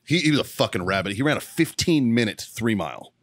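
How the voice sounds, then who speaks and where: A man in his thirties, a former Marine, telling a profane, animated story in casual podcast chat. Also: mid-range voice, quick pace, dry recording. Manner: profane, animated storyteller who acts out quotes. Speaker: podcast co-host, former Marine staff sergeant.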